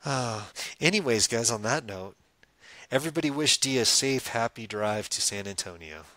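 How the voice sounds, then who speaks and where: A man's voice: mid-range voice, expressive, moderate pace, bright, forceful tone, no room sound. Playful man hosting a podcast. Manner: playful, teasing, many "uh" fillers. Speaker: psychic medium podcast host. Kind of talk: casual live podcast chat.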